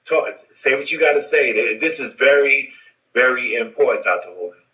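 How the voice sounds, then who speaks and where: A man's voice: medium pitch, lively intonation, moderate pace, pushed and bright, reverberant, low-quality recording. A man co-hosting a radio talk show, encouraging his guest and recapping her story with sermon-like emphasis.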